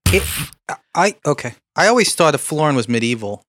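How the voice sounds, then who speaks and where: A man's voice: a little high, big pitch swings, fairly quick, fairly bright tone, no echo, studio quality. A man co-hosting a podcast, reading out definitions and facts in a matter-of-fact way. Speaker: podcast co-host. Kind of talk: casual chat.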